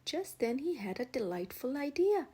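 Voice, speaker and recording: High-voiced woman reading a children's story. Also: moderate pace, husky. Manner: gentle, expressive storytelling. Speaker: storybook reader, channel host. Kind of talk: children's read-aloud.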